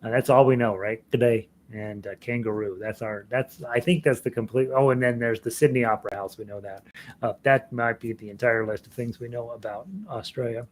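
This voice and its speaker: A man's voice: mid-range voice, steady tone, fairly quick. Chatty middle-aged male ukulele teacher. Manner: rambling, chatty, frequent fillers and restarts, laughs often. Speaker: ukulele teacher hosting an online class. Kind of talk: casual live-stream chat reading viewer comments.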